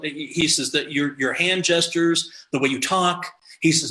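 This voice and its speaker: Middle-aged Midwestern comic, animated raconteur, bright forward tone. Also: male voice, a little high, unhurried, echoey room, low-quality recording. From American Midwest. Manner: animated, acts out quoted voices. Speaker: podcast guest, comedian. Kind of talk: casual storytelling chat.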